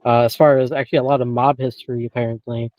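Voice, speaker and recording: A man's voice: mid-range voice, flat delivery, fast talker, no room sound. A man chats as an interview guest, wandering through his points with plenty of filler and easy chuckles. His voice comes through a slightly muffled, lo-fi call. The sound is dry, with no room around it. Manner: rambling, heavy on filler phrases, chuckles often. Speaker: guest paranormal investigator. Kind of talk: casual interview chat.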